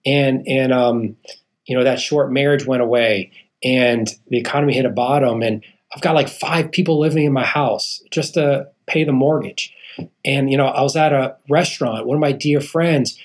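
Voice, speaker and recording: Speaking at medium pitch and a moderate pace, a real estate founder in his thirties shares an earnest personal testimony as a podcast guest. He voices the people he quotes and addresses the host as "man."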